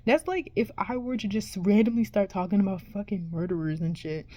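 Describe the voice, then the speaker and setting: A woman vlogger rants to her viewers with a mid-range, darkish voice, talking fast with few pauses. She's casual, profane, and exasperated, rambling and restarting her sentences as she vents to the camera.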